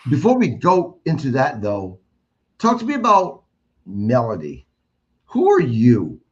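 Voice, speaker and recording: A man's voice: mid-range voice, huge pitch swings, unhurried. A man hosting a podcast interview, asking questions in an eager, conversational way. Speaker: podcast host. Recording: dull lo-fi audio.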